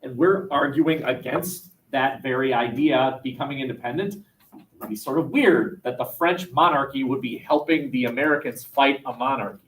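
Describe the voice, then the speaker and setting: A man teaching history in a lively classroom lecture, joking and acting out quotes with plenty of fillers. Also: mid-range voice, normal speed, slight background noise. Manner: jokey, acts out quotes, many fillers. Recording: voice from far off the mic in a classroom.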